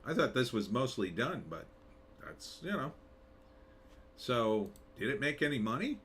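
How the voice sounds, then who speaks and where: A man's voice: mid-range voice, big pitch swings, a little slow, fairly bright tone, slight background noise. A man hosting a live commentary show, talking in a sarcastic, rambling way with wry asides. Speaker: show host.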